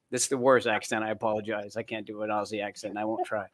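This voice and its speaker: A man, a guest author chatting casually in an interview and telling animated, rambling stories. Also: fairly low pitch, fast talker. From born in Canada, raised in the United States. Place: home in New Zealand.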